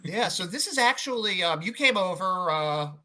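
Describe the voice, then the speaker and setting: A man's voice: high voice, animated, normal speed, pushed and bright. A man hosting a sports podcast, chatting casually with a guest, with lots of fillers and restarts. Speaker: podcast host. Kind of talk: casual interview chat.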